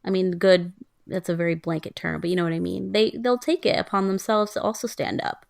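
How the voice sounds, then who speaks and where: A woman in her twenties, a podcast co-host, telling stories in casual chat, animated and laughing often. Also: on the low side, fairly quick, gravelly, dry recording, studio quality.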